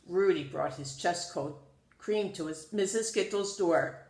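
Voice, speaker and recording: A woman reading a children's storybook aloud in an expressive, sing-song storytelling manner. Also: lowish voice, a little slow. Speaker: storybook reader. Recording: roomy echo.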